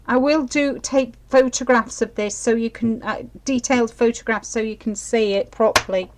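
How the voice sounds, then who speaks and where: A woman's voice: on the high side, steady tone, moderate pace, slight background noise, rough recording. A middle-aged woman giving a live craft demonstration, chatty and apologetic, often checking that viewers can see.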